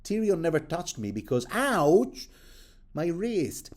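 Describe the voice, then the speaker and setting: A man's voice: on the high side, very animated, takes it slowly, darkish tone, voice pushed up. A man voicing a cornered young noblewoman who whimpers and stumbles over her words. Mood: pained.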